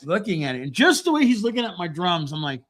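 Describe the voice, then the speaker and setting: This middle-aged podcast host, who also plays music, talks quickly in a high voice. He tells a story in a loose, animated style, swearing a lot along the way.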